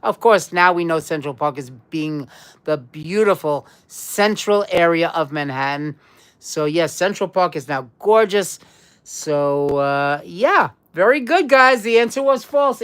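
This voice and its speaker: A woman's voice: fairly low pitch, expressive, a little slow. Chatty woman hosting a live trivia quiz. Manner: chatty, repeats herself, addresses viewers as guys. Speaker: livestream trivia quiz host. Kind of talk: casual live-stream chat.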